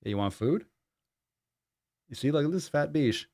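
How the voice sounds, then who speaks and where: Casual male podcast host, profane and playful, very animated, dry close-mic sound. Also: fairly high pitch, normal speed, dry recording. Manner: loud, profane, joking, talks baby-talk to his cat. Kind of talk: casual livestream podcast chat. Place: home podcast room.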